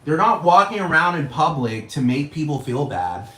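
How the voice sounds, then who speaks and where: Guy ranting on a vlog, cussing a lot, kinda high voice, roomy echo. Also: sing-song, normal speed, sharp tone. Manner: profane, rambling, repeats himself, laughs often. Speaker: vlogger. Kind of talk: casual rant to camera.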